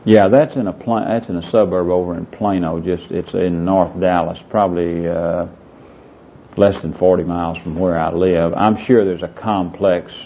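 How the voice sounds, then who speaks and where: A man's voice: deep voice, fairly even intonation, moderate pace, a little hiss or hum. A middle-aged man leading a Bible discussion, earnest and quoting scripture by chapter and verse. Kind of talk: Bible teaching talk. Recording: muffled lo-fi recording.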